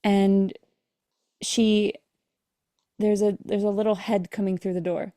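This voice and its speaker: Woman podcast host, warm mellow tone, flat steady pitch, emotional storytelling. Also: slow pace, dry recording, clean studio sound. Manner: emotional, earnest, acts out dialogue in her story. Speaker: podcast host and breathwork coach. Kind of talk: personal storytelling.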